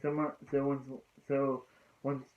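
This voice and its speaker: Through a tinny, phone-like lo-fi recording, a man reviewing a TV episode gives a rambling recap in a monotone, medium-pitched voice at a slow pace. He restarts frequently and leans on "so yeah" and "so anyway" to fill gaps.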